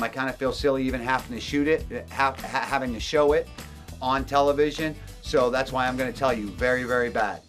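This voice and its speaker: A man's voice: medium pitch, a bit bright. A man working as a hunting guide, telling a story in an emphatic way and repeating words for stress. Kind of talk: storytelling narration.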